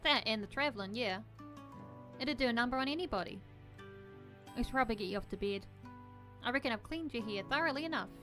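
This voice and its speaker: Female performer as a cocky lower-class young man; teasing and protective, rough drawl, voiced fairly high. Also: lively intonation, fast, pauses often, a bit bright, faint music behind.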